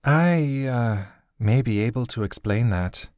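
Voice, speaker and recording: A man's voice: mid-range voice, expressive, slow, a little mellow, no room sound, studio quality, pitched above the performer's own voice. A man voicing a mysterious young woman who talks hesitantly and awkwardly.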